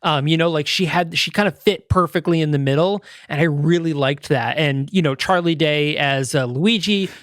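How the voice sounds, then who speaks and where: This podcast co-host is a man whose slightly bright voice sits on the high side, moving at normal speed with few pauses. He rambles casually with fillers and restarts, captured in a dry, clean studio recording.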